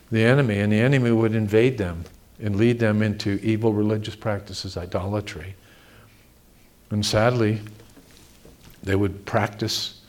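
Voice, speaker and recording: A man's voice: fairly low pitch, a little mellow. A man pastor preaching a sermon, reading scripture and pressing his points with emphatic, swelling delivery. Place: church sanctuary.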